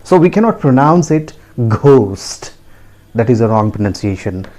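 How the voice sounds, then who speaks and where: A man teaching pronunciation, slowly repeating each word and asking learners to repeat after him. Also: mid-range voice, sing-song, dark tone. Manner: slow, deliberate, repeats words and asks learners to repeat; frequent rising tag questions to the audience. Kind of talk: classroom lesson to camera.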